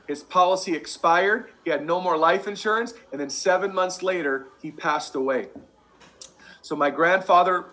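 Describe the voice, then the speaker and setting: Fired-up, bright-voiced male sales trainer. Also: on the high side. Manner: fired-up, emphatic, repeats key lines. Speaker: sales trainer presenting slides. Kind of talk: motivational sales training talk.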